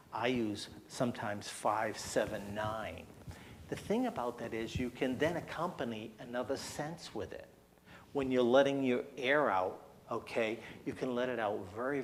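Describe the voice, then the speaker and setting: A mid-range male voice, with a little hiss or hum behind it, leads a church hall health seminar. He demonstrates a breathing technique step by step, coaxes the audience to join in, and repeatedly checks in with "okay?"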